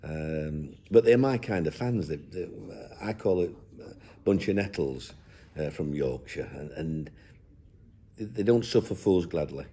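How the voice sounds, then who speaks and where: An older football manager speaks a little slowly in a deep, expressive voice that is warm and slightly rough. During a reflective interview he reminisces in a down-to-earth manner, rambling and frequently starting over.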